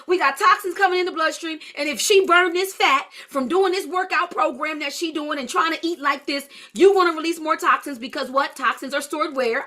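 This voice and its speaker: A woman's voice: high voice, sharp tone. A woman leading a live-streamed holistic health class, chatty and blunt, answering viewer comments as she goes.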